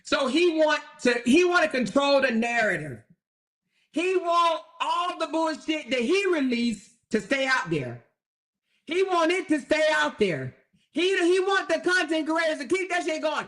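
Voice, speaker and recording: A woman hosting a livestream, commenting in a profane, emphatic and animated way. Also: high voice, unhurried. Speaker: host.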